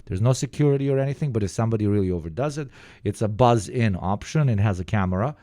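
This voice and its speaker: Low, mellow-voiced man riffing profanely. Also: quick pace, dry recording, studio quality. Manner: animated, profane storytelling with many fillers. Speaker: reaction streamer. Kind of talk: casual reaction commentary.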